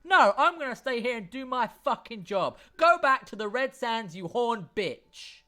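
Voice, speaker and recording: A man voicing a hostile, quick-tempered human guard who sneers and curses. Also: very high voice, sing-song, voice pushed up, heavily acted. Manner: loud, sneering, cursing.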